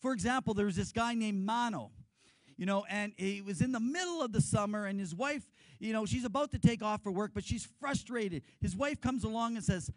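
A male pastor giving a lively sermon, telling stories and leading the congregation in call-and-response. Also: sits high, brisk, no room sound, poor audio.

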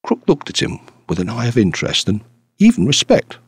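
A man reading a classic detective story aloud as an audiobook narrator, with expressive storytelling. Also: mid-range voice, fairly quick, gravelly, husky, no echo, clean studio sound. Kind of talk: scripted narration.

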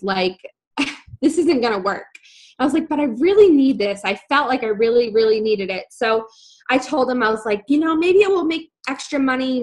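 Young woman, fairly high-pitched, casual storytelling, animated, quotes herself. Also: poor audio. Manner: animated, acts out her own past words in quotes. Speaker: guest telling her story.

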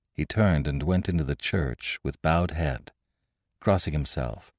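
Man, narrator, very low voice, dry recording, expressive, scripted audiobook. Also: dry recording. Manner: expressive storytelling.

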